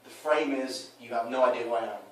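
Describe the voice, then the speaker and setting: A man's voice: mid-range voice, a little fast. A man casually explaining his coaching approach, switching into quoted voices to act out scenes. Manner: animated, acts out quoted lines in changed voices. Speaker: dating coach. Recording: roomy echo, mic from a distance, faint noise.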